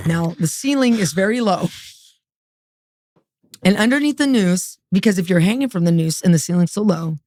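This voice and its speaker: A woman's voice: mid-range voice, no echo, studio quality. Streetwise woman telling a dramatic story. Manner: animated, acts out dialogue, streetwise. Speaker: guest. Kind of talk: testimony storytelling.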